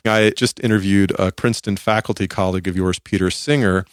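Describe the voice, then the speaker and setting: Man, podcast host, low voice, chatty, joking, dry close mic. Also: steady tone, fairly quick, clean tone, no echo. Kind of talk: podcast intro and interview.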